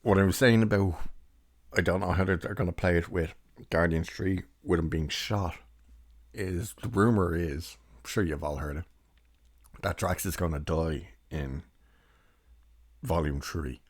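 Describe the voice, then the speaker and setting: A man's voice: low-pitched, measured pace, pauses often, no room sound, clean studio sound. A young man giving a rambling, chatty film review and laughing now and then as he recounts scenes. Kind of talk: casual spoken film review.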